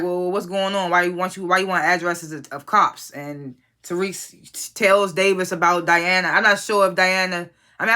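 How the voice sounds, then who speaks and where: A blunt, foul-mouthed reviewer chats casually through a TV episode recap, offering profane opinions and retelling scenes. The voice is bright, forceful and middling in pitch, and character quotes are acted out loosely in a conversational tone.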